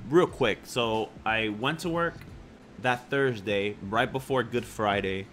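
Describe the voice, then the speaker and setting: A man's voice: on the low side, moderate pace, soft background music. Slangy man telling a story casually. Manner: animated, slangy and crude, says "yo" and "bro". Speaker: vlogger.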